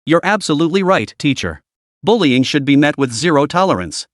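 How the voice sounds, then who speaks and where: A man voicing a calm, nonchalant young male student in a story recap, probing and steady. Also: fairly high pitch, fairly quick, no echo, studio quality, natural voice.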